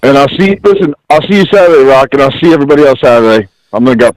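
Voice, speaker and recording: A man calling in to a show, talking quickly and loudly as he wraps up. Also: medium pitch, no echo, rough recording. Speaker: caller. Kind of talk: casual chat.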